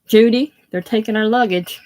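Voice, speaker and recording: A reader lends a raised, higher voice to a young woman on a tour, calling up from a distance. Each line is pitched up and pushed out. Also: moderate pace, darkish tone, natural voice. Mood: anxious.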